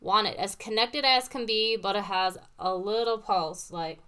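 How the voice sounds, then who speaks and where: A woman piano teacher with a bright, crisp, smooth voice. She explains patiently, using everyday comparisons. Piano notes are heard between her phrases. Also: medium pitch, normal speed. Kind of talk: casual teaching talk with demonstrations. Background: piano played between phrases.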